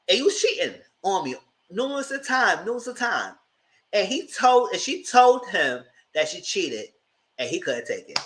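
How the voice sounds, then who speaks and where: A man's voice: high voice, pushed and bright. A man with hosting a casual live TV review, talking in slang, laughing often and acting out characters' lines. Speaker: host.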